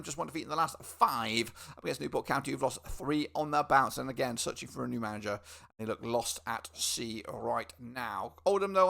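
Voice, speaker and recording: A man hosts a casual football predictions rundown, chatty and informal, with plenty of fillers and repeated words. His voice sounds bright and a bit gravelly. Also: medium pitch. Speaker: football predictions channel host.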